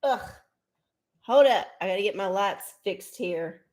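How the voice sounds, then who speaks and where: A woman's voice: medium pitch, animated, unhurried, a little mellow. A woman hosting a live tarot stream, chatting casually with her viewers, swearing freely and laughing often, from her home setup under studio lights. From Texas.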